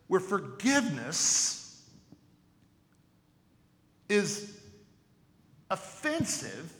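A man's voice: high-pitched, a bit bright. A male pastor preaching a sermon emphatically, with rhetorical questions and repeated words. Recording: echoey hall with long reverb.

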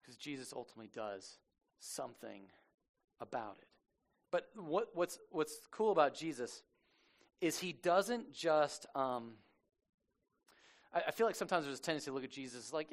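A man preaching a casual sermon as a lively storyteller, slangy and animated, acting out the people he quotes. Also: on the high side, normal speed, pauses often.

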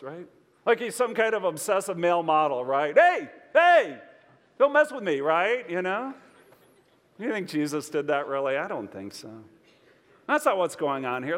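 Male pastor preaching in a hall. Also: on the high side. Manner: expressive preaching with conversational asides. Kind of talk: sermon.

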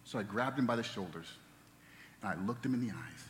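A man in his thirties preaching a sermon as a pastor, telling stories and dropping to soft, hushed tones at tender moments. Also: fairly low pitch, fairly quick, slight background noise. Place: church sanctuary. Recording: long reverb of a church hall.

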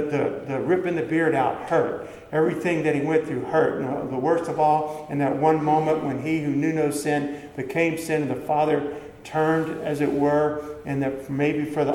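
A man's voice: on the high side, a little mellow. A man preaching a sermon in a conversational way, asking the listeners questions and answering them himself. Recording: echoey hall with faint background ambience.

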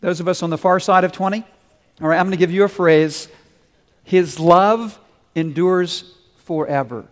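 A man with a high, light voice preaches to his congregation with earnest warmth of purpose. His words ring out in a large sanctuary with a long, lingering reverb. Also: flat delivery, fast talker. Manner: earnest, leads the congregation in call-and-response. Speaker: pastor. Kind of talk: sermon.

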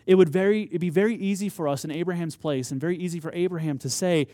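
A man's voice: fairly high pitch, quick pace, few pauses, warm tone, no room sound, clean studio sound. A man preaching a sermon, telling a story with rising emphasis and acted-out quotes. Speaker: pastor.

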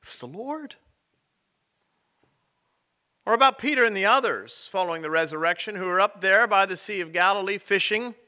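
A man preaching a sermon as rector, telling stories with dramatic pauses. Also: high-pitched, expressive, sharp tone.

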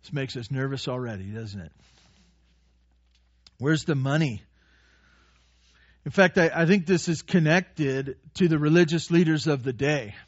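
A man preaching a sermon as a pastor, telling stories and growing animated when he quotes. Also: fairly high pitch, measured pace, pauses often, no room sound. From United States. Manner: storytelling, animated when quoting. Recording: dull lo-fi dry sound.

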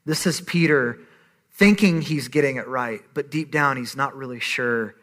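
A man's voice: medium pitch, moderate pace, a bit bright. A man in his thirties preaching a sermon, conversational and emphatic. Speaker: pastor.

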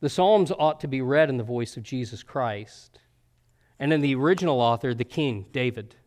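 A man preaching a sermon in an earnest, conversational way, often pausing with fillers and asking "right?". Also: mid-range voice, lively intonation, darkish tone.

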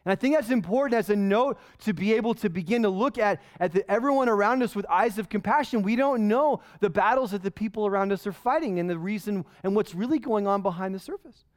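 A male pastor preaching a sermon in an animated, conversational way full of rhetorical questions. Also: high-pitched, quick pace, hardly any pauses.

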